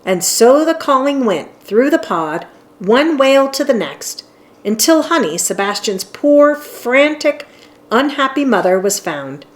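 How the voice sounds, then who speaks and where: A woman reading a children's chapter book aloud in a gentle, expressive way. She takes her time and her pitch moves widely through each sentence. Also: a little slow. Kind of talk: storybook read-aloud narration.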